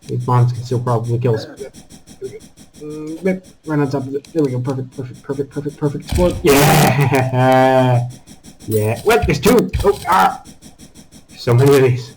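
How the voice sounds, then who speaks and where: A man giving casual commentary over his own gameplay, taunting enemies and breaking into high exclamations. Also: moderate pace, a crowd in the background, poor audio. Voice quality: calls his own voice squeaky. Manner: animated, talks to enemies, jumps to high exclamations. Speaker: gaming channel host.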